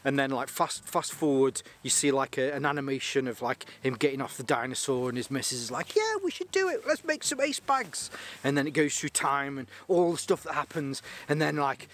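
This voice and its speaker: A man's voice: medium pitch, fairly even intonation, fairly quick, hardly any pauses, fairly bright tone, slight background noise. A man casually reviewing gear on his channel, rambling and enthusiastic, joking and restarting sentences often.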